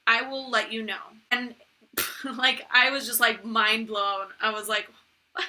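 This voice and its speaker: A woman's voice: on the high side, little pitch movement, unhurried, sharp tone. A young woman co-hosting a podcast, telling stories in casual chat and acting out what people said. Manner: chatty, storytelling, acts out quotes. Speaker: podcast co-host.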